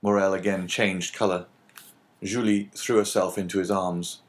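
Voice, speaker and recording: Low-voiced male audiobook narrator. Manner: steady, measured storytelling. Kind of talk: scripted narration of a classic novel.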